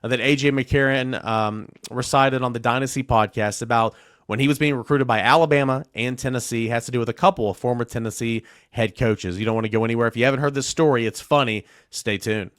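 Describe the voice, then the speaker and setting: Animated man telling a sports story. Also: mid-range voice, fairly quick, smooth, dry recording, studio quality. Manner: animated storytelling, acts out quotes. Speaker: podcast host. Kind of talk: casual sports podcast monologue.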